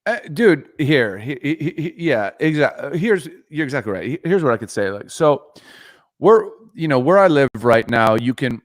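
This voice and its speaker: Podcast co-host, man, mid-pitched voice, rambling, halting, dry sound. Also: sing-song, no room sound. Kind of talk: casual chat.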